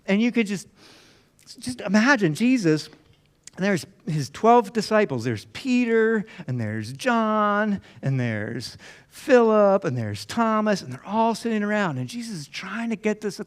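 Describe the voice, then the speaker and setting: Male pastor, high voice, chatty storytelling sermon. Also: big pitch swings, measured pace. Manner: conversational storytelling, acting out disciples' lines. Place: church.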